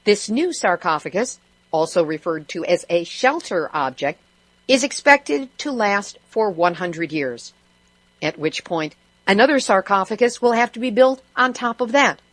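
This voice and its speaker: A woman's voice: mid-range voice, animated, unhurried, a bit bright, no echo, low-quality recording. A woman podcast host reading a news roundup with dry editorial asides.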